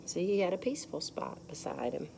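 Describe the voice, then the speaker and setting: A woman leading a children's lesson at church, gently guiding them through counting and calm breathing. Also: fairly low pitch, brisk, creaky, slight background noise.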